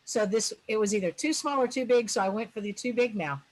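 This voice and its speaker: A woman's voice: fairly high pitch, fast talker, over a noisy crowd, low-quality recording. A woman chatting casually in a group discussion on a video call, talkative and self-deprecating.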